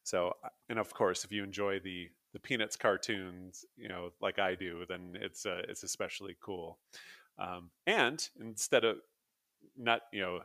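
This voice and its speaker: A man's voice: low voice, a little slow, fairly bright tone, no echo, studio quality. A man co-hosting a casual podcast, chatting loosely with fillers and laughing easily. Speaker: podcast co-host. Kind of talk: casual chat.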